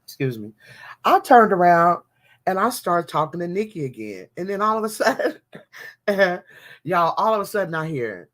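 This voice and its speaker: A woman's voice: fairly low pitch, moderate pace, long pauses. Woman podcaster just chatting, loose and slangy, keeps saying y'all, storytelling vibe. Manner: animated storytelling with slang, addressing listeners as y'all. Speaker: podcast host. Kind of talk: casual chat.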